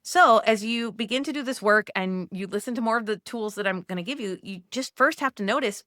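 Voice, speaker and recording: A woman's voice: a little high, fast, few pauses, no room sound, studio quality. A woman coaching Catholic mothers in a casual, conversational way, often saying "like" as she walks listeners through steps. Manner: conversational, frequent "like", gently coaching. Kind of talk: casual teaching talk.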